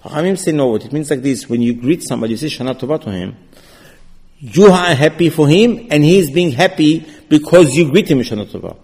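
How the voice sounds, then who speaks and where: A man's voice: a little high, expressive, fast talker, a little mellow, husky. Man teaching Torah in a reverberant hall. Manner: repetitive, conversational, restarts words, acts out dialogue. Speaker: rabbi teaching a Torah class. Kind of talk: informal religious lecture.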